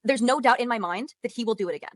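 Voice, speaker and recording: A woman's voice: on the high side, very fast, dry recording. A woman arguing firmly in a heated debate, repeating her points and pressing her accusations. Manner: insistent, repeats herself, firm accusations. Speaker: debate panelist.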